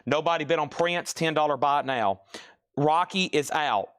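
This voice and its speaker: A man with a Southern Tennessee accent hosting a live-stream record sale, calling out prices briskly with joking asides. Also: fairly high pitch, fairly bright tone, clean tone, no echo, clean studio sound.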